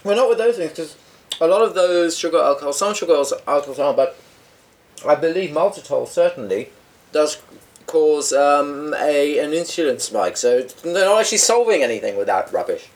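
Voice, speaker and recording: A man's voice: on the high side, animated, normal speed, poor audio. A man co-hosting a podcast, talking in a dry, sardonic and skeptical way in casual chat. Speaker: podcast co-host.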